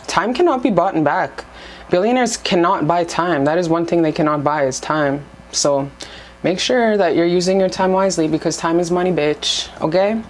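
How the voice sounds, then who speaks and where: Low-pitched young woman, casual preachy vlog monologue, cussing freely, faint background hiss. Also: darkish tone. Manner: blunt, profane and preachy, heated in bursts. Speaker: spiritual vlogger. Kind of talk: casual spiritual advice monologue.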